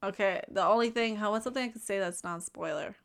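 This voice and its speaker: A woman's voice: medium pitch, quick pace. A woman co-hosting a casual movie review, teasing and jumping in with banter. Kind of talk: casual chat.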